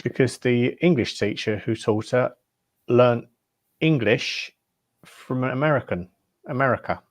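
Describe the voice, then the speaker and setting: A man's voice: mid-range voice, unhurried, no room sound. A middle-aged man in a casual group chat who answers with short murmurs and tells easygoing anecdotes. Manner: laid-back, short murmured replies.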